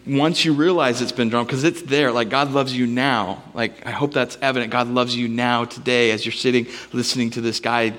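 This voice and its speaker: A man's voice: mid-range voice, fairly even intonation, normal speed, few pauses, a bit bright. A man, a pastor, preaching a sermon in a casual, conversational way, mixing scripture with personal stories.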